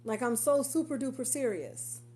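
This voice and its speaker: Woman coach rambling on a live from her couch, kinda high voice, friendly chatty vibe. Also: lively intonation, normal speed, dark tone. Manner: chatty, affectionate, rambling with repeats. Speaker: coach and marketer. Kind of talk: casual livestream chat. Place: at home on a couch.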